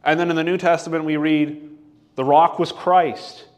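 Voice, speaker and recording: A man preaching a sermon, reading scripture slowly and deliberately, asking questions and answering them himself. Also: on the high side, steady tone.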